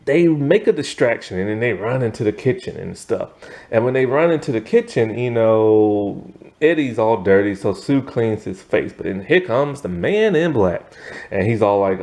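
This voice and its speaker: A male reviewer rambling casually through a plot recap. He speaks at an average pitch and keeps filling the gaps with "like" and "you know", breaking into chuckles now and then. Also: expressive, moderate pace, a little mellow.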